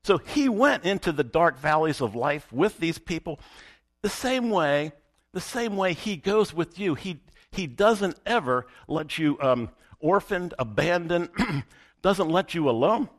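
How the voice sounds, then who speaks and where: A man's voice: a little high, animated, unhurried. A man preaching a sermon as pastor, emphatic and repeating his key phrases for weight.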